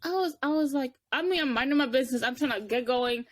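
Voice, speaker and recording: Young woman podcast co-host, high-ish voice, lively storyteller acting out quotes, dry close sound. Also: fast talker, dry recording. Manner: animated storytelling, acts out quotes with big pitch jumps. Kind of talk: casual chat.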